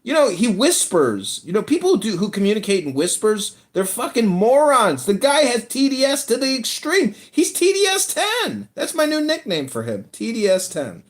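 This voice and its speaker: A man in a live audio chat room arguing politics in an exaggerated put-on Jamaican-style accent, shouting insults and laughing mockingly. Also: extremely high pitch, wildly swooping pitch, moderate pace, hardly any pauses.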